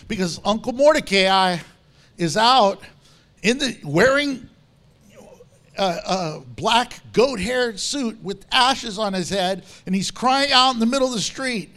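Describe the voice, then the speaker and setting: A man preaching a sermon with animated storytelling, acting out the quotes he tells. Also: high-pitched.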